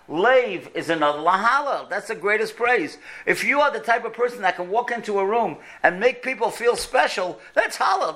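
A man's voice: high voice, pushed and bright. A man giving a sermon, telling stories and building earnestly to emphatic points and rhetorical questions. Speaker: religious speaker. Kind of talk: sermon with storytelling.

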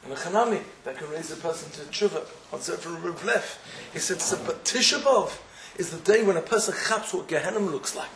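A man's voice: a little high, lively intonation, a little fast, few pauses, a bit bright, reverberant, slight background noise, rough recording. A man giving a sermon as a rabbi, with an impassioned manner that builds into emphatic questioning.

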